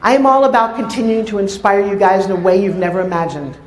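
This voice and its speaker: Energetic woman speaker in an echoey hall. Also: mid-range voice, fast. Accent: New York. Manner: energetic, storytelling with asides to the audience. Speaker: motivational speaker. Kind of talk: motivational stage talk.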